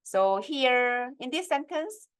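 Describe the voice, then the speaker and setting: A woman's voice: sits high, expressive, slow pace, smooth. Woman lecturing on writing. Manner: explains step by step, asks the audience checking questions.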